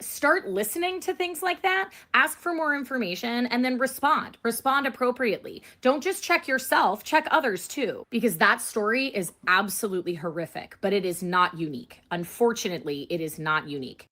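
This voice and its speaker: A woman's voice: on the low side, a bit bright. A woman speaking straight to her viewers in a short social video, earnestly urging them to act. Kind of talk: direct-to-camera social video.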